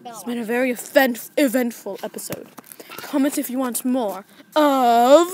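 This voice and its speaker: A woman's voice: a little high, moderate pace, darkish tone, a little hiss or hum. An eleven-year-old girl hosting a playful mock nature documentary vlog outdoors, dramatic and giggly. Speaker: vlog host. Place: outdoors in a neighborhood.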